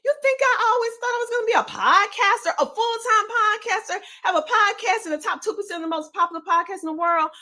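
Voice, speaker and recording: A woman with a Southern country twang delivers a motivational speech to her audience. Her voice sits high. She talks with repetitive, preacher-like emphasis. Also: fast, hardly any pauses, pushed and bright. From Southern United States. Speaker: podcaster and coach.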